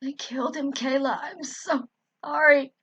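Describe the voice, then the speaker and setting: Woman doing a sly creature faking a dying mom, soft pleading voice, bright, dull recording. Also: sits high, steady tone, measured pace, dry recording, voice pushed up. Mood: remorseful.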